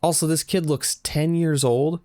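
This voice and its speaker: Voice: mid-range voice, steady tone, unhurried, dark tone, no echo, clean studio sound. A young adult in their twenties reading online stories aloud and breaking off for sarcastic asides. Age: 20s. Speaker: storytelling channel host.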